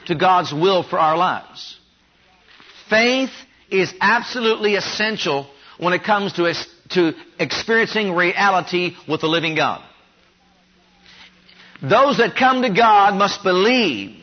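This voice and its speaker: A man preaching a sermon, pressing his congregation with emphatic, repeated rhetorical questions. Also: sits high. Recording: dull lo-fi sermon recording.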